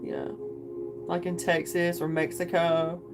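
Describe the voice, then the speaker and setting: Slow-talking woman reading tarot live. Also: lowish voice, level tone. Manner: chatty, rambling, addresses viewers as you guys. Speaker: tarot reader livestream host. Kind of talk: casual livestream tarot reading. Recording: singing bowl music playing behind.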